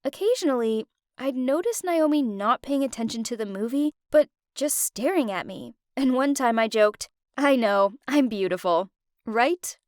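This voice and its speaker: A woman's voice: high-pitched, expressive, moderate pace, darkish tone, dry recording, clean studio sound. A young woman narrating her own story in the first person, emotional and confiding.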